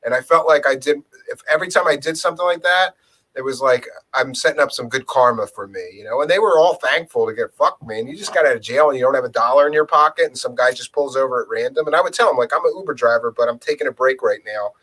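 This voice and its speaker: A man's voice: mid-range voice, quick pace, low-quality recording. A man from around Philadelphia telling stories in casual chat, acting out the lines he quotes. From Philadelphia area. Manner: storytelling, animated, acts out quoted lines. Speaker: co-host.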